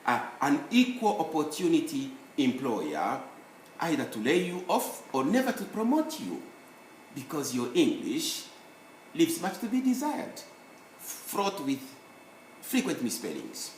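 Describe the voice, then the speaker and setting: A man teaching a spelling lesson, explaining word by word in a slow, deliberate way with many pauses. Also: on the high side, wildly swooping pitch, a little hiss or hum. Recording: roomy echo, faint ambience.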